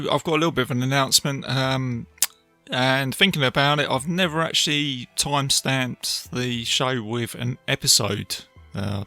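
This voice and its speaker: Gravelly, bright-voiced man chatting about films. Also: medium pitch, no echo. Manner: chatty, retelling scenes with many fillers. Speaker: podcast host, film reviewer. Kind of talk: casual solo film review. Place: beach outdoors.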